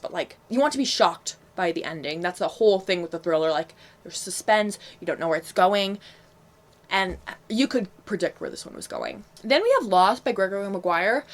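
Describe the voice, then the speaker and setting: Chatty young woman reviewing books. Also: medium pitch. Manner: chatty, frank, fillers and asides. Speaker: book vlogger. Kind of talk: casual book review vlog.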